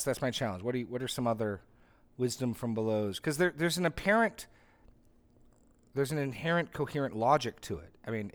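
Man leading a Bible study. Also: mid-range voice. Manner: conversational, full of restarts and asides. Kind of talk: teaching a group discussion.

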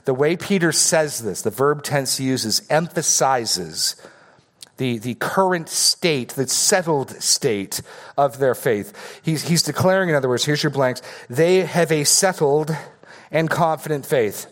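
A man's voice: mid-range voice, lively intonation, unhurried, a bit bright. A man preaching an expository sermon as pastor, earnest and given to repeating words for emphasis.

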